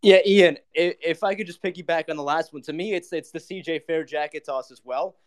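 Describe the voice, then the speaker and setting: Earnest male participant, fairly high voice, emphatic. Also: a little fast, a little hiss or hum. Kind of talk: casual chat.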